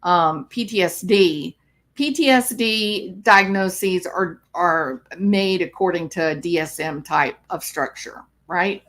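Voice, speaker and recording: A woman's voice: fairly low pitch, slow, a bit bright. A woman psychologist talking on a live stream, explaining clinical topics and answering viewer comments.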